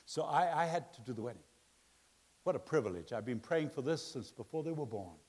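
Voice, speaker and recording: A middle-aged man preaching a sermon, telling jokes and family stories, swinging between loud laughing excitement and quiet earnest appeals. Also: mid-range voice, brisk, husky. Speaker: pastor. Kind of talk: sermon with humorous storytelling. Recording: long reverb of a large hall.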